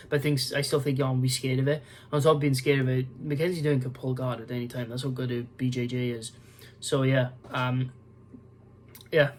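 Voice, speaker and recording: There's slight background noise behind this mid-range male voice. He runs an MMA prediction channel and sounds worn out, yawning as he gives loose, meandering fight forecasts packed with fillers and false starts.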